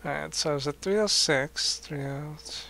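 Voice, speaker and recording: A man's voice: fairly high pitch, moderate pace, creaky, sharp tone, slight background noise. A man streaming a video game, giving casual, wry commentary on a desk mic. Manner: musing, wry.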